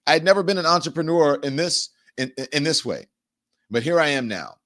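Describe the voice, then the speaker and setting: A man's voice: lively intonation, brisk, fairly bright tone. A middle-aged man hosting a talk show, chatting loosely and repeating words as he goes. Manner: chatty, repeats words, swings from sponsor pitch to heated rant. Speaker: show host. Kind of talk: casual talk show monologue.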